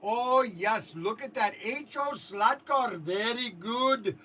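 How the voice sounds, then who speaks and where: Brief: eager, high-pitched male salesman in a put-on Indian accent, played by a man, gushing repetitive sales patter. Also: expressive, slow pace, sharp tone, heavily acted. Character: eager male salesman hawking a flash sale. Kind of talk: mock livestream sales pitch.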